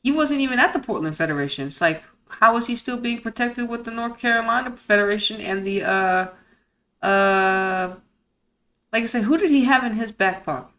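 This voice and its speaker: A woman's voice: on the high side, normal speed, bright, forceful tone. Blunt, profane woman ranting over a report. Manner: blunt, profane and indignant, breaking into heated rants; rhetorical questions and street slang. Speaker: streamer host. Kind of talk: reading a report aloud with live commentary.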